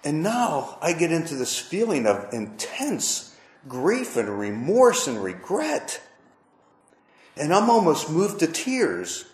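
A middle-aged man preaching a personal testimony, telling his story slowly and with deep emotion. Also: huge pitch swings. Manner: slow, emotional storytelling with pauses. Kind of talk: testimony sermon. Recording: roomy echo, faint background noise.

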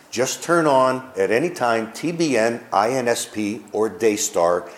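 Guy preaching in a church, punchy up-and-down delivery, lots of room echo. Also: mid-range voice. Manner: emphatic, rising and falling preaching cadence. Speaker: pastor. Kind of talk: sermon.

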